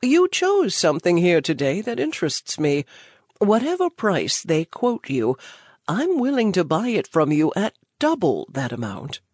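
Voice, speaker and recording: A woman voicing a haughty, condescending male antiques dealer with a mustache, slow and lowered in pitch. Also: big pitch swings, no room sound, clean studio sound, heavily acted. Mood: syrupy. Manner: condescending, snarling, then syrupy.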